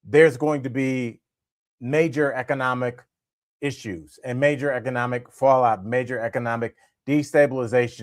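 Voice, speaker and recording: A man co-hosting a comedy news podcast, riffing in an animated way and laughing at his own jokes. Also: mid-range voice, normal speed, no echo, clean studio sound. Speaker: podcast co-host.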